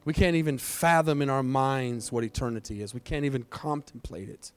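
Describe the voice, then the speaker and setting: A male pastor leading a fervent prayer and altar call in a church service, swinging between loud pleading and hushed, quiet stretches. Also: mid-range voice, a little fast, clean tone, soft background music. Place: church sanctuary, also streamed online.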